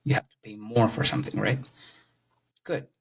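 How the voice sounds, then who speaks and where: A man's voice: lowish voice, fairly even intonation, moderate pace, vocal fry, a little hiss or hum, rough recording. A man teaching an English grammar lesson, explaining patiently and checking understanding with questions.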